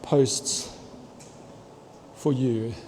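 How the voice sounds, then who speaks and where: A man excitedly touring a fossil museum, chatting to his viewers and tripping over long names. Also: medium pitch, extremely slow, noisy background. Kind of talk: walking museum tour vlog. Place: indoor museum hall.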